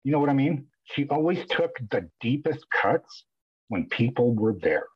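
Male podcast guest, husky voice, dull dry recording; emotional, restart-heavy storytelling. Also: medium pitch, moderate pace, dry recording. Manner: emotional, animated retelling with repeated restarts. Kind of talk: candid conversational storytelling. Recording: dull lo-fi audio.

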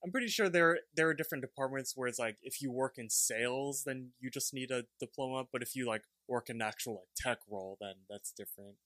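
A man's voice: medium pitch, a little fast, hardly any pauses, fairly bright tone, no echo. A young man co-hosting a podcast, casually recapping a cartoon episode in a rambling way and acting out the characters' lines as he goes. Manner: rambling, acts out characters' lines while retelling. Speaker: podcast co-host.

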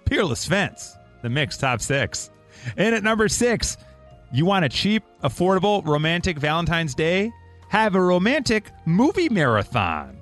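A man's voice: high voice, soft background music. A man hosting a morning radio show, joking and laughing with callers and cohosts. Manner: animated, jokey, quick to laugh.

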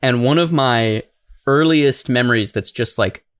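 A man from Tucson co-hosting a podcast, telling a family story in a lively, animated way. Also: mid-range voice, unhurried, clean tone, no room sound, studio quality. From Tucson, Arizona. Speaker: podcast co-host. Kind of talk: casual storytelling chat.

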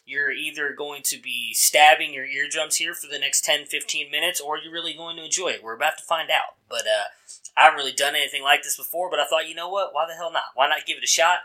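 A man's voice: a little high, fast, sharp tone. A man hosting a casual podcast, chatty and laid-back with loose phrasing. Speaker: podcast host.

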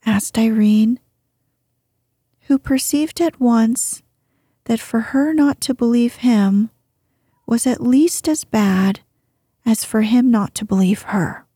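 Slow, breathy woman reading a storybook. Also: on the high side, mellow, no echo, studio quality. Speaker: audiobook narrator. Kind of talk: storybook narration.

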